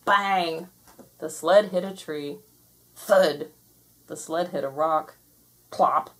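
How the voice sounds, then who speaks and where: A woman reading a children's picture book aloud in a gentle, measured way. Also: low voice. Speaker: storybook reader. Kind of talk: children's story read-aloud.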